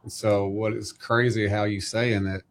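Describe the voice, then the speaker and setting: A man's voice: lowish voice, flat delivery, normal speed, a little hiss or hum. A man in his forties hosting a casual chat, earnest and speaking about his faith. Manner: earnest, faith-filled talk.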